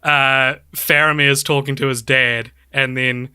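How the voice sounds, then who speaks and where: A man co-hosting a podcast in casual film chat, excitable and laughing, with lots of "like" fillers. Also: mid-range voice, measured pace, smooth, no room sound, studio quality. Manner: excitable, laughing, heavy use of "like". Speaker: podcast co-host.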